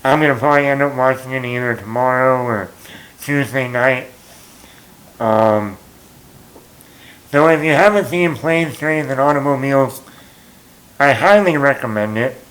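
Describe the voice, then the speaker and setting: A man's voice: mid-range voice, unhurried, long pauses, fairly bright tone, poor audio. A man chatting casually as a movie vlogger, telling a story in a rambling, self-mocking way with lots of fillers.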